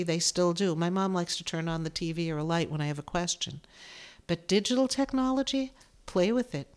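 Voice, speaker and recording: A woman medium and author giving a gentle, soothing spiritual talk, emotional at times. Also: mid-range voice. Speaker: medium and author, podcast host.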